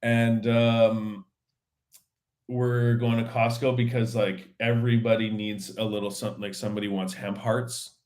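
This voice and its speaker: A man with a slightly low voice hosts a solo podcast. He rambles loosely from thought to thought, full of slang, fillers and half-finished restarts. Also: little pitch movement, moderate pace, darkish tone. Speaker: podcast host. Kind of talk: casual solo chat.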